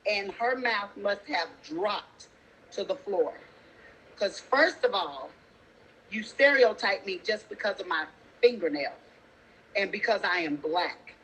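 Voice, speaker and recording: A single mother and teacher telling a story in a sassy, animated way, talking straight to her listeners. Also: medium pitch, slow pace, pauses often, a little hiss or hum, low-quality recording. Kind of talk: casual storytelling.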